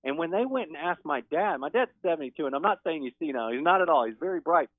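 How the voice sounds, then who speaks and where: A man speaking as a guest on a call-in show, talking in an excited, emphatic way. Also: a little high, fast talker, dry recording. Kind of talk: call-in interview. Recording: tinny phone line.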